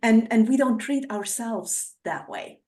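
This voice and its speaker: A woman's voice: a little high, animated, unhurried, darkish tone. Woman hosting a chat show, thoughtful, keeps saying right?. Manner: reflective, tags points with "right?". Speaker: podcast host. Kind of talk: casual chat.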